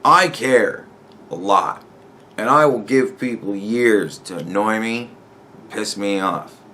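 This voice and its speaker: A podcast host delivering a profane, sarcastic rant in an exasperated tone. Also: male voice, lowish voice, takes it slowly, pushed and bright, slight background noise. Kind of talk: ranting commentary.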